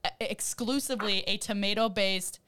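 A young adult woman hosting a casual podcast chat, animated and profane, often laughing. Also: medium pitch, moderate pace, smooth. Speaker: podcast host.

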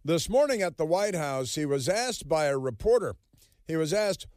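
A man's voice: fairly high pitch, sing-song, moderate pace, darkish tone, dry recording, studio quality. A man hosting a political talk radio show, talking in a sarcastic, mocking, rambling way full of fillers. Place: radio studio. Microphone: studio microphone.

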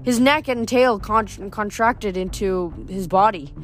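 Woman, reading a novel aloud, stumbling restarts, middle pitch. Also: slow pace, faint music behind. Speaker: reader.

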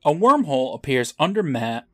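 A man's voice: on the high side, big pitch swings, moderate pace, bright, forceful tone, no echo, studio quality. A man co-hosting a podcast, casually recapping an episode and chuckling as he acts out quotes. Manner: laughing storyteller, acting out quotes. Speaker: podcast co-host.

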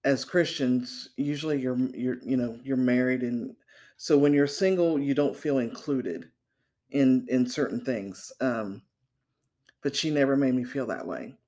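An older woman guest speaking hesitantly, with many pauses and fillers. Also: rumbling low, darkish tone. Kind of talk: interview conversation.

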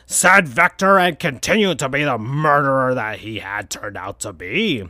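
A man hosting a podcast, reading absurd fan fiction aloud in a slow deadpan. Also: mid-range voice, no room sound, studio quality. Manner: slow, deadpan, breaks into laughter. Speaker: podcast host.

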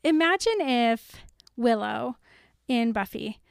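A woman co-hosting a casual chat, animated and opinionated, laughing often. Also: on the high side, slow, vocal fry, clean tone, no room sound, studio quality.

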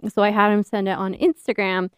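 A woman's voice: mid-range voice, steady tone, brisk, smooth, dry recording, clean studio sound. A woman hosting a podcast in casual chat, speaking with a slight lisp. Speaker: podcast co-host.

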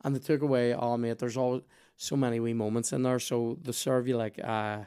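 A man, hosting a podcast and telling animated, sweary stories in casual chat. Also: mid-range voice, fairly quick, clean tone. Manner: animated, sweary, acts out voices in his stories. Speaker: podcast host.

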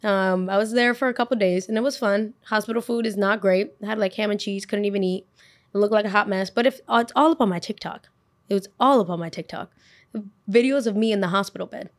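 A woman's voice: mid-range voice, quick pace. A young woman with a mid-range voice tells a personal story to her listeners. She talks casually and with plenty of expression, and swears freely along the way. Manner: animated, expressive, with frequent swearing. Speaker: podcast host.

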